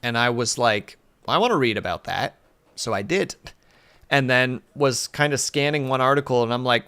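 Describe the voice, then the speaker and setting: A man's voice: medium pitch, normal speed, sharp tone, smooth, soft background music. A man streaming live, chatting casually and rambling with his viewers in a self-deprecating way.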